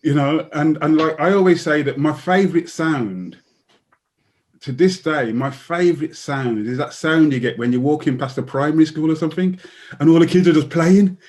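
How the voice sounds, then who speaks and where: An older man from the United Kingdom, a guest author telling personal stories in conversation, lively and acting out voices. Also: fairly high pitch, normal speed. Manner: animated storyteller who acts out quoted voices and laughs often. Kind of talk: storytelling in a conversation.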